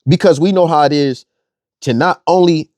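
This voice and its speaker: A man's voice: fairly high pitch, normal speed, a little mellow, dry recording. A young man delivering a blunt, profane rant as an online commentator, repeating phrases for emphasis. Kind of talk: ranting monologue.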